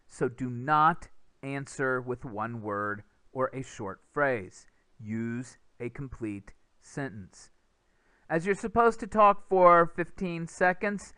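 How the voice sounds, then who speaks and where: A man's voice: medium pitch, pushed and bright, no echo. A man giving a recorded lesson over slides on speaking-test skills, explaining step by step and sounding out speech rhythm with nonsense syllables. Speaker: English test teacher.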